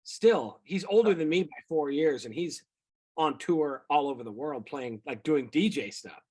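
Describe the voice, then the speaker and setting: Middle-aged musician guy rambling thru road stories, bit high voice, acts out what people said. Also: normal speed, breathy edge. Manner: rambling, animated anecdotes with quoted voices. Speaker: singer-songwriter guest. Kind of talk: casual storytelling interview.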